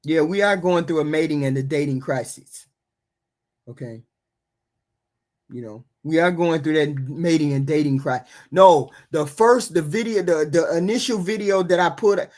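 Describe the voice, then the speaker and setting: A woman's voice: fairly low pitch, a little mellow. A woman hosting a livestream talk show, arguing with impassioned energy and often repeating herself as she presses her point. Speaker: host. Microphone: remote call.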